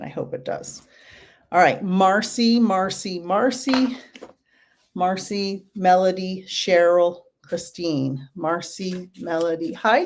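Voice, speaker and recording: A woman giving card readings to a live chat audience, gentle and reassuring, calling out viewers' names again and again. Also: lowish voice. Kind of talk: livestream reading.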